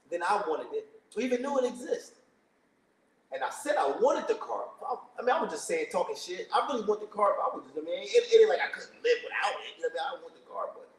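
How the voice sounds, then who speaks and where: A man's voice: high voice, far from the mic. A man telling a casual story on a podcast in slangy, profane talk, acting out the people in it with different voices. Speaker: podcast host. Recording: echoey room, voice set back from the mic.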